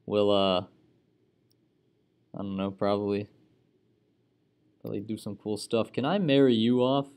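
A man hosting a gaming channel, talking through his game in a slow, unhurried way. His voice sits a little low, and he keeps up a chatty stream of reactions broken by frequent exclamations. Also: vocal fry, a little mellow. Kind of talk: casual let's-play commentary.

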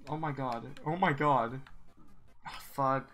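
A man's voice: mid-range voice, takes it slowly, bright, forceful tone, faint music behind. A man commenting casually on his gameplay while streaming live, swearing and exclaiming in frustration.

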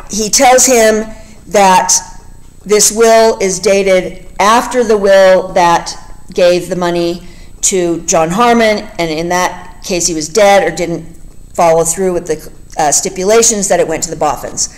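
A woman's voice: fairly low pitch, a little slow, low-quality recording. Woman reading aloud and summarizing a novel. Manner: reads passages aloud and explains them, with frequent fillers. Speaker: literature discussion host. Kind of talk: casual book discussion with read-aloud passages.

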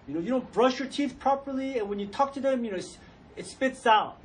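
High-voiced preacher heard from off-mic. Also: male voice, a little fast, far from the mic, poor audio. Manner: conversational, acts out quoted voices. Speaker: pastor. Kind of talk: sermon. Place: church. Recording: faint noise, voice from off the mic.

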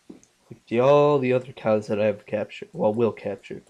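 A young man casually commenting on his game, muttering to himself and swearing loudly when things go wrong. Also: medium pitch. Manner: slow, muttering, swears often, bursts out loud at the game. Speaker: gaming channel host. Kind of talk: casual let's play commentary.

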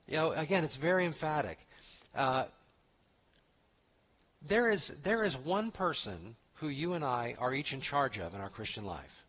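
A pastor preaching from the pulpit with a slightly husky, breathy voice at a middle pitch. He talks in a conversational way, leaning hard on key words and circling back with asides and restarts. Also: lively intonation, moderate pace, long pauses, fairly bright tone. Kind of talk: expository sermon.

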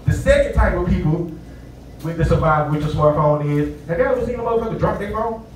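A man's voice: high voice, expressive, quick pace, slight background noise. Southern man doing profane stand-up. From Columbus, Georgia, US. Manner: loud, profane storytelling with voiced characters. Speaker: stand-up comedian. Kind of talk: live stand-up comedy set. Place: nightclub stage. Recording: echoey club from far off.

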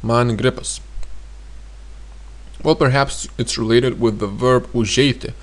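A man teaching a language lesson, repeating each phrase several times and explaining it in a relaxed, thinking-aloud way with frequent fillers. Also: mid-range voice, slow pace.

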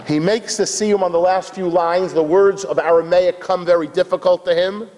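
Older male rabbi, slightly high-pitched, dramatic sermon storyteller in a big echoing hall. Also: a little fast. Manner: dramatic, swings between hushed and soaring delivery. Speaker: rabbi giving a lecture. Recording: hall reverb.

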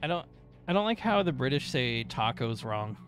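A man's voice: mid-range voice, sing-song, moderate pace, a bit bright, soft background music. A man streaming gameplay, talking loosely and profanely with jokes. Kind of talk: casual live gameplay commentary.

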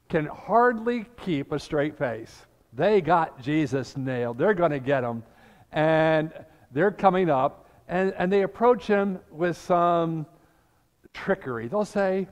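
An older male pastor delivers a storytelling sermon, acting out the people in his scripture story. He talks at an unhurried pace, his voice sitting a bit high for a man. The sound carries a long reverb from the church sanctuary.

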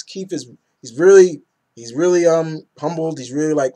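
A man's voice: fairly high pitch, brisk, dark tone. A man in his thirties casually reviewing comic books, enthusiastic and rambling, often tripping over names.

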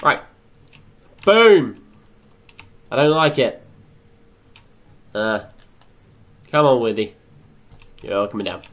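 Young guy gaming, lively swingy voice, swears a lot, talks to himself. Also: medium pitch, takes it slowly, long pauses. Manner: excitable, swears often, chatters to himself. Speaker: gaming channel host. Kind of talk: let's play commentary.

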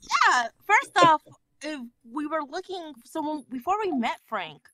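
A woman voice actor chatting as a podcast guest, telling stories excitedly and gushing as she goes. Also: sits high, a little slow. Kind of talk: casual podcast chat.

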